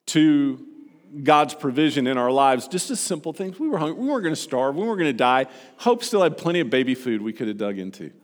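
A man preaching a sermon, telling a personal story with animated delivery that drops soft and slow on key points. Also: fairly high pitch, big-room sound. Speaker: pastor.

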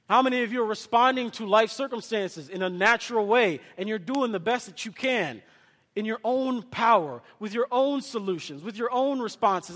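High-voiced preacher in an echoing hall. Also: male voice, animated, moderate pace, fairly bright tone. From Kenya. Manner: impassioned preaching with storytelling asides. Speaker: pastor. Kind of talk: sermon.

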